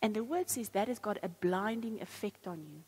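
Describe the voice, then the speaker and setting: Husky-voiced woman preaching in an echoey hall. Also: medium pitch, normal speed, a little mellow. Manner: earnest, reads scripture aloud then explains it. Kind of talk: sermon.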